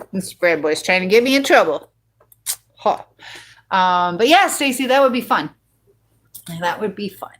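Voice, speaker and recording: Chatty woman hosting a livestream. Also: mid-range voice. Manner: chatty and rambling, full of fillers. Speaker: livestream host. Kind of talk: casual live chat, reading viewer comments aloud. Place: at home.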